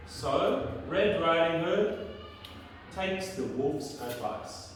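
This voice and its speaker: A woman teacher telling a children's story slowly, stopping often to quiz the child. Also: low voice, slight background noise. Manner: slow, lively, quizzing the child often. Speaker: English teacher. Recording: echoey room from far off.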